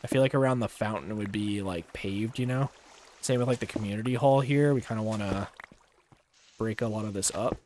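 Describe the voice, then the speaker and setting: A young man talking casually as he plays a game on a livestream, relaxed and rambling with many fillers and pauses. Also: lowish voice, a little hiss or hum. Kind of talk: casual gameplay commentary.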